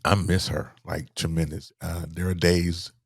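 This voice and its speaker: A middle-aged man, softly telling a personal story as a podcast guest, halting and restarting as he speaks. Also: deep voice, little pitch movement, vocal fry, slightly rough, dry recording, studio quality. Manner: soft-spoken, halting, with repeated restarts.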